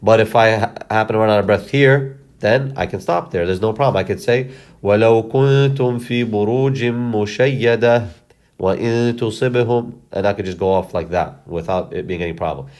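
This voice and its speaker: A man's voice: lowish voice, fast, few pauses. A man teaching how to read and recite the Quran, explaining the stop symbols patiently step by step and often checking in with "okay?". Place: recorded lesson video.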